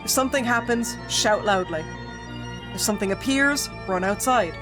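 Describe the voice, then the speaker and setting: Brief: earnest young man narrating, read by a woman in her own mid voice, soft music underneath. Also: mid-range voice, normal speed, close to an everyday voice. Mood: steady. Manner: steady, earnest first-person narration. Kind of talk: reading a visual novel aloud.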